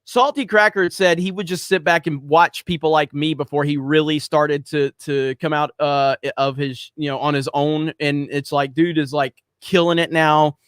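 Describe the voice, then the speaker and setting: A man's voice: on the high side, fairly even intonation, moderate pace, hardly any pauses, a bit bright, clean tone, no room sound, studio quality. A man hosting a casual livestream, rambling with lots of fillers as he reads out viewer messages. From United States. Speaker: livestream host reading super chats.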